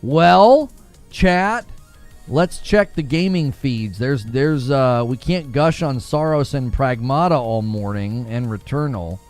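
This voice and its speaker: Male gaming streamer, animated and jokey, with faint music underneath. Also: medium pitch, slow pace. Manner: chatty, joking, laughs often, reacts to chat. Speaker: livestream host. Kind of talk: casual livestream chat.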